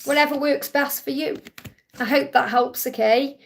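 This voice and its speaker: A woman's voice: sits high, fairly even intonation, moderate pace, gravelly. A woman hosting a live tarot reading stream, answering viewers' questions in a reassuring, affectionate way and speaking to them directly. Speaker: tarot card reader and live stream host.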